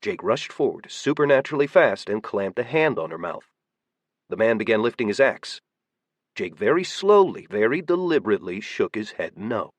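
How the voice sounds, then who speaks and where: A man giving steady, measured audiobook narration. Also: lowish voice, no echo.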